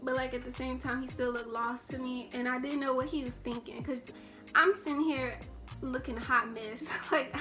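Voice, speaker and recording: Young woman, storytime vlog, rambling, flat delivery, music in background. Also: high voice, moderate pace. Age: young adult. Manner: rambling, full of "like" and restarts. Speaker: vlogger.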